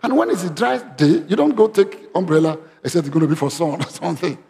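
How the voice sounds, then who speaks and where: Speaking fast with a slightly high pitch and some vocal fry, this pastor delivers a church sermon and keeps asking the congregation questions. His voice rises animatedly whenever he quotes something. Long reverb from the church hall fills the recording.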